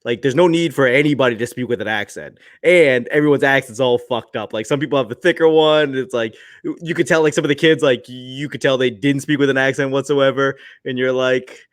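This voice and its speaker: A man's voice: mid-range voice, brisk, few pauses, no room sound. Profane rambling man, dry mic. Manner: rambling, profane, stumbling restarts. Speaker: podcast co-host. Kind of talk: casual comedic chat.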